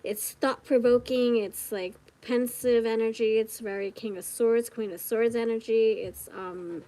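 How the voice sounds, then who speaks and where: A woman giving a casual tarot reading straight to the viewer, chatty and giggly, thinking out loud as she goes. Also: on the high side, steady tone, unhurried, a little hiss or hum, rough recording. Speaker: tarot reader.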